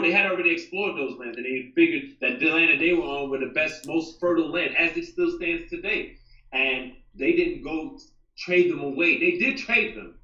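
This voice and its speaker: A man calling in as a guest, arguing in a measured, hesitant way with many pauses and fillers. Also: a little high, sharp tone. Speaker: call-in guest. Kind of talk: debate over a call. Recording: dull, roomy, distant call audio.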